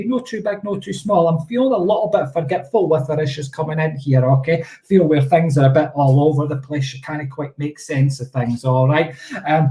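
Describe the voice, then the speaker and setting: A man's voice: a little high, warm tone, reverberant. A man working as a psychic medium, giving chatty, playful live-stream readings and often checking in with "okay?".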